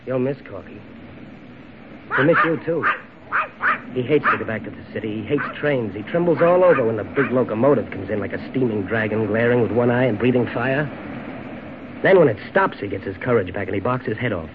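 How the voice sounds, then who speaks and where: A man's voice: mid-range voice, brisk, close to an everyday voice. An actor playing an ardent, insistent young man in 1940s radio drama, with an earnest, persuasive delivery. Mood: wistful. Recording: dull old radio recording with faint hiss.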